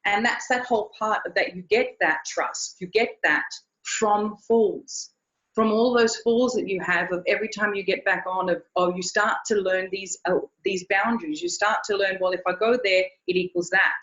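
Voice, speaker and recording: A woman's voice: medium pitch, fairly even intonation, moderate pace, a bit bright. A woman riding instructor telling a story in a recorded interview, earnest, often repeating her words. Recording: echoey, dull lo-fi sound.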